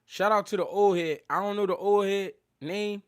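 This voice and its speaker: A man's voice: high voice, steady tone, normal speed, smooth. Loose-talking man hosting a live stream. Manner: loose, laughing, thanks viewers, slangy street talk. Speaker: boxing livestream host. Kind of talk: casual live-stream chat.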